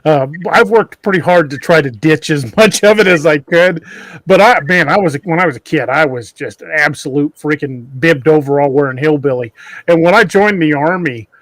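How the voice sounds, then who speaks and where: A man hosting a podcast, joking and telling animated stories. His voice is high for a man, and it sounds close and dry. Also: normal speed, no room sound. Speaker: podcast host. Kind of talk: casual podcast conversation.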